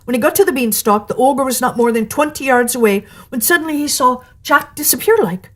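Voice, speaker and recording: Expressive woman reading a fairy tale. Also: high-pitched, fairly quick. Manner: expressive, lively read-aloud delivery. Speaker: storyteller.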